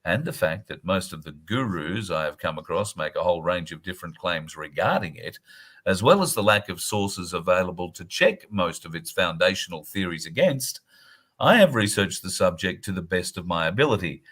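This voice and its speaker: Tired deep-voiced Australian man reading aloud. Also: animated, fairly bright tone, husky. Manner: careful reader, stresses words deliberately. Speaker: co-host reading a written piece. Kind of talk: reading a prepared text, then casual chat.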